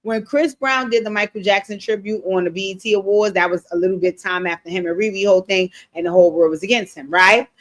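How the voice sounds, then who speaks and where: A woman giving a casual recap of a TV episode, animated and blunt, swearing freely and talking straight to her viewers. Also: medium pitch, fast talker, few pauses. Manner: animated, blunt and profane, addressing viewers directly. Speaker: TV show recap streamer. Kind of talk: casual show recap commentary.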